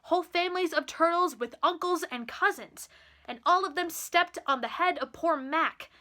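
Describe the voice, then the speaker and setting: A teenage girl reading a children's picture book aloud with slow, expressive delivery. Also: extremely high pitch. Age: teens. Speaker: storyteller.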